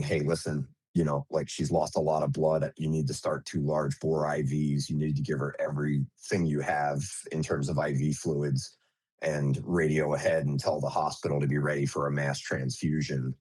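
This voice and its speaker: A man who is a nurse, recounting an emergency as an interview guest in a halting way, with many fillers and restarts. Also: very deep voice, flat delivery, a little mellow, husky, no echo.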